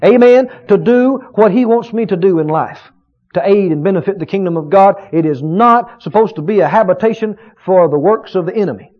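A man preaching a sermon, stretching out key words for emphasis and rising to loud shouts of praise. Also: high-pitched, a little fast. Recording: dull lo-fi sermon recording.

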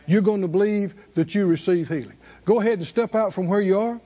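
A man's voice: sits high, fairly quick, dull audio. A man preaching a sermon in a church, calling on the congregation to answer back. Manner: animated call-and-response preaching. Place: church sanctuary.

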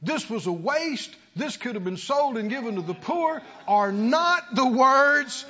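A man's voice: very high voice, lively intonation, a little slow, sharp tone, husky. A man preaching a sermon to a congregation, calling for responses and rising to emphatic peaks. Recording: lo-fi church recording with long reverb.

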